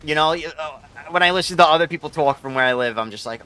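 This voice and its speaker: A young game streamer rambles through casual chat with his viewers, swearing freely as he goes. His voice sits a little high and comes across bright and forceful. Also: fast talker, clean tone. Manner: rambling, profane, talks back to chat.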